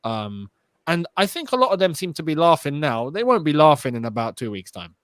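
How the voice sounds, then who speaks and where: A man's voice: fairly high pitch, big pitch swings, a little fast, a bit bright, no echo. A young man co-hosting a casual football chat, emphatic and opinionated. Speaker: podcast co-host.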